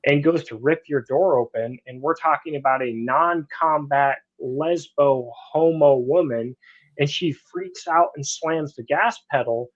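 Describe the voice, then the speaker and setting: A man's voice: fairly high pitch, measured pace, highs cut off. A man co-hosting a casual podcast, making blunt, emphatic points. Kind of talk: casual discussion.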